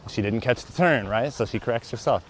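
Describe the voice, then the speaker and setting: A young man, a dog trainer, talking casually through each step of a training session while walking his dog outdoors. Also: a little fast. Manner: explains steps aloud, breaks into high excited praise for the dog. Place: outdoors on a walking path and grass.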